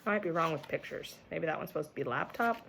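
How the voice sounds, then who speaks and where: A woman's voice: low-pitched, lively intonation, quick pace, vocal fry, a bit bright, a little hiss or hum. A young woman teaching a remote phonics lesson to young children, patiently sounding out words, recorded on a camera mic at home.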